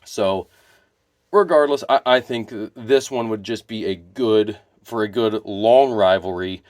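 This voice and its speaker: Speaking a little slowly in a low, slightly mellow voice, this man comments solo to camera about wrestling for his audience, full of enthusiasm but prone to wandering, backtracking and self-correction. The sound is studio quality and echo-free.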